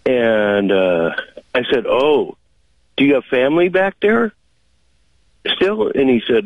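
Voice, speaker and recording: A man's voice: medium pitch, animated, slow pace, long pauses, dry recording. A man calling a radio talk show, telling a long story in a chatty way, with many fillers as he goes. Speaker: caller. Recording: tinny phone line.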